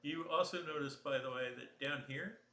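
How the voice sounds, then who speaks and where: A man narrating as the dungeon master of a tabletop game, slow and halting, with fillers. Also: fairly high pitch, pushed and bright. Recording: echoey room.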